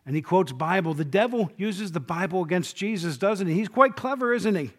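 A male preacher giving an informal Bible class sermon, talking conversationally, asking the class questions and acting out quotes, dropping to a low, quiet voice on key points. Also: animated, brisk.

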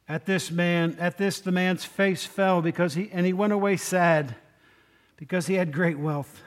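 Chatty male pastor, higher voice. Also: steady tone, measured pace. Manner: chatty, jokes and asks the congregation questions. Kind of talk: conversational sermon.

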